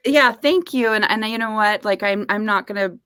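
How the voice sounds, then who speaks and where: A woman's voice: mid-range voice, normal speed, a bit bright, clean tone, no room sound. Young woman, dry close voice. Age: young adult. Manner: enthusiastic and open, often laughing. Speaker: interviewer. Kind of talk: casual heart-to-heart conversation.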